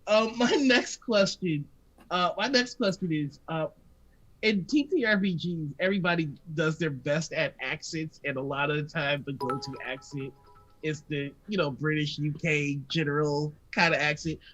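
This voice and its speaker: A man's voice: a little high, moderate pace, a bit bright, faint music behind, poor audio. A man hosting a casual livestream chat. He talks in an easygoing way and giggles often. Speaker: host.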